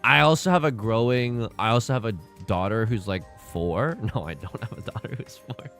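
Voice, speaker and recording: A man streaming live gameplay with commentary, joking around and bursting into sudden loud exclamations. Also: mid-range voice, moderate pace, faint music behind.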